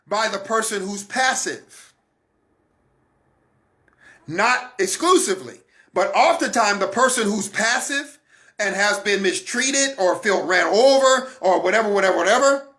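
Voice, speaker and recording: High-pitched, bright and forceful, this broadcast minister preaches a Christian teaching, pressing his points repeatedly and speaking straight to his audience as a coach.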